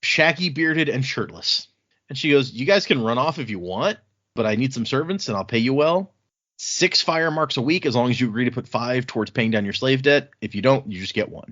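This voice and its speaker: A husky man chats casually on a podcast, retelling a story's scenes and dropping into quick offhand quotes of the characters. He laughs easily as he goes, and the recording sounds somewhat dull and lo-fi. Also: medium pitch, expressive, fairly bright tone. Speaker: podcast co-host. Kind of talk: casual book-club chat. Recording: dull lo-fi audio.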